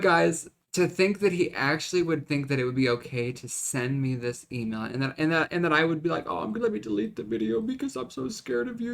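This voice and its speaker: A vlogger talking to camera in a rambling, dramatic, self-mocking way, in a casual rant. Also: mid-range voice.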